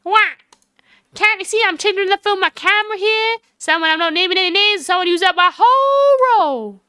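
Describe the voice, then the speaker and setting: Woman streamer doing a brash country photographer, thick Southern drawl, scolding, bright and high. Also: lively intonation, moderate pace, dry recording, clean studio sound, heavily acted. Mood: indignant. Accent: exaggerated American Southern drawl. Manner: snappy, loud and scolding. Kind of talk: voicing game dialogue on a livestream.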